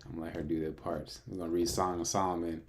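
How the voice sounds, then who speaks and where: A man's voice: sits low, little pitch movement, fast, background noise. A man reading through the Bible, breaking off into playful, chatty asides. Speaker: Bible reader and narrator. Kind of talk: casual Bible reading with commentary.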